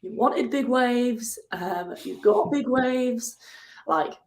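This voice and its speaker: A young woman in her twenties, a guest who rows across oceans, tells a story in a casual interview. She's animated but speaks slowly, acting out her own angry outbursts in a higher voice.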